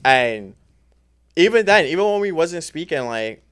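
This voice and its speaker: Smooth-voiced laid-back young man. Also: on the high side, very animated, measured pace, fairly bright tone. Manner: laid-back, slangy storytelling. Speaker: podcast guest. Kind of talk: casual chat.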